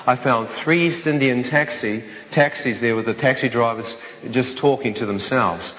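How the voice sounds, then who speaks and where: A man's voice: medium pitch, normal speed, a bit bright. Man telling a dramatic personal testimony. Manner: vivid storytelling that acts out other voices. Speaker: speaker telling his life story. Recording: dull recording with long hall reverb.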